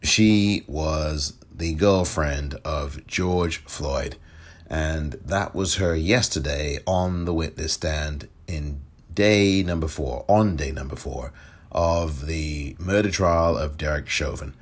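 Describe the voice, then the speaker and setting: A man hosting a political commentary podcast, measured and rephrasing himself as he goes. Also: rumbling low. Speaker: podcast host.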